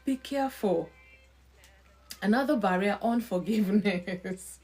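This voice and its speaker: Animated woman giving a live talk. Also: medium pitch, a little slow, faint music behind. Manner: expressive, animated preaching tone, lively emphasis. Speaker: host. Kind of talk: live-stream talk on emotional health.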